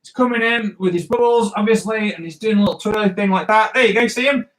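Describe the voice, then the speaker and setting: A playful man with a fairly high voice talks his viewers through live cartoon drawing. His commentary is jokey and chatty, full of asides and silly sounds as he draws. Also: fast talker, a bit bright, poor audio. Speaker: cartoonist host. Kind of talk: live drawing stream for kids.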